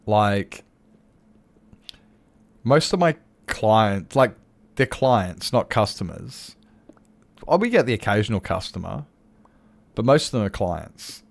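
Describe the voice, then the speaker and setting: An Australian man streaming a game and chatting casually, telling animated stories and acting out other people's lines, with chuckles and restarts. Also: mid-range voice. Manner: animated storyteller who acts out customers' lines; frequent chuckles and self-interruptions. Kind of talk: casual chat while gaming.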